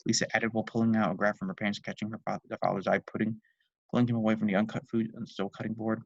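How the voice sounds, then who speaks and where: A man's voice: lowish voice, quick pace, vocal fry, dry recording. A man casually reading fanfiction aloud, breaking off with irreverent, swearing asides. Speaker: youtube reader and reviewer. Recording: dry dull lo-fi home mic.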